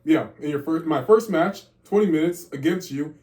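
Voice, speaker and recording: A man's voice: fairly high pitch, normal speed, a little mellow. A man hosting a casual interview at his guest's house, joking and playfully deferential. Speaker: interview host.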